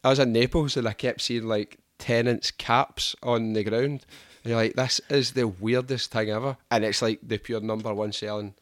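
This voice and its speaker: Scottish male host, low pitch, dry close sound, animated and sweary storyteller. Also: normal speed, hardly any pauses, no room sound. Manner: animated, sweary, laughs a lot. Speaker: podcast host. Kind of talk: casual storytelling chat.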